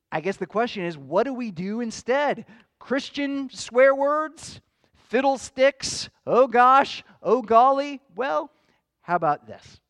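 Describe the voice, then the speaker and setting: A male pastor preaching a sermon in an earnest, measured teaching manner, asking his listeners questions. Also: sits high.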